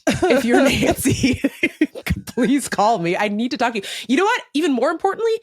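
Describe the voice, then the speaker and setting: A woman's voice: high voice, big pitch swings, normal speed, dry recording, studio quality. A woman co-hosting a podcast, telling a story animatedly in casual chat, acting out quotes and laughing often. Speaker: podcast co-host.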